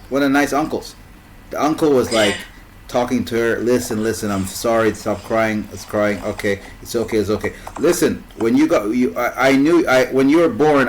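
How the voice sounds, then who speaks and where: A man's voice: medium pitch, a little hiss or hum, low-quality recording. A man casually telling a long story, rambling and stopping to search for words. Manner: rambling, fills gaps with "what's it called".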